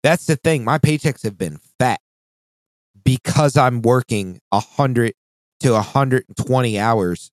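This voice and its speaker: A man's voice: medium pitch, measured pace, no room sound. A man chatting casually on a podcast, telling a rambling, profane story as he vents about work. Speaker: podcast co-host.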